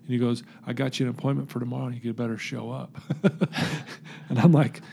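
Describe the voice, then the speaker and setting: A man's voice: medium pitch, little pitch movement, a little fast, creaky, dark tone, slightly rough. A man, a podcast guest, telling a personal story in earnest, acting out the dialogue he recounts. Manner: earnest, emotional.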